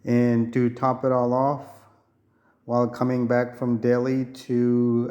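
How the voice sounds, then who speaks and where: A man telling a casual complaint vlog, his voice nasal as he recovers from an illness, speaking haltingly with restarts. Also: medium pitch, monotone, a little mellow, dull audio. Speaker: vlogger.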